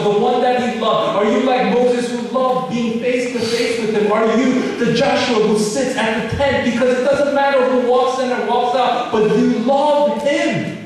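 A man preaching with earnest, pleading questions, his voice pitched high for a man. The mic is far from him and a long hall reverb trails every phrase, with a faint hum beneath. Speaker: pastor. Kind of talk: sermon.

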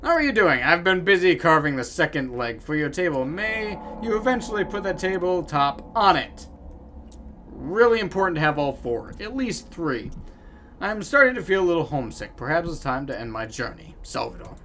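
A man giving casual gameplay commentary, animated with loud outbursts and self-mocking jokes. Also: fairly high pitch, moderate pace, slight background noise. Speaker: gaming video host.

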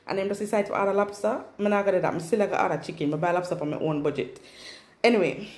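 A woman's voice: mid-range voice, racing, a little mellow. A woman with a Jamaican accent chatting casually for a storytime vlog. She rambles along with asides and fillers. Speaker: vlogger. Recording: roomy echo.

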